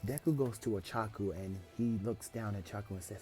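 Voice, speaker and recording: A man's voice: fairly low pitch, a little fast, few pauses, darkish tone, faint music behind. A man casually narrating an improvised fan story, rambling and often correcting himself as he goes.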